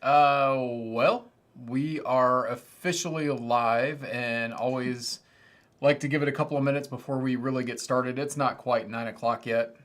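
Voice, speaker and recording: A man's voice: medium pitch, steady tone, measured pace, fairly bright tone. Casting: thirties male host, easygoing livestream chatter, rambling and self-mocking. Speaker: host of an audio gear channel. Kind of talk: casual livestream chat.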